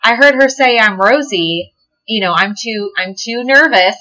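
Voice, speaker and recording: Woman guest, animated storyteller, bright ringing voice, laughs a lot. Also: fairly high pitch, measured pace, low-quality recording. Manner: animated, laughs often, swears casually. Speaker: podcast guest, delivery nurse. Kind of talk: casual chat, storytelling.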